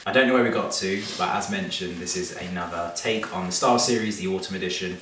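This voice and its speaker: A man's voice: sits low, quick pace, fairly bright tone, very echoey, far from the mic, slight background noise. A man hosting a casual chat to camera at home, joking and laughing often. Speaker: vlog host. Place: home room.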